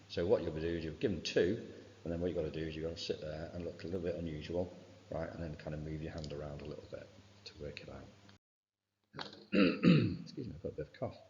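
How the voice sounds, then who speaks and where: Male science teacher, very low voice, muffled reverberant recording, casual revision walkthrough. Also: animated, fast talker, a little mellow, slight background noise. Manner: informal, fills with "right" and "okay". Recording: dull sound with long reverb.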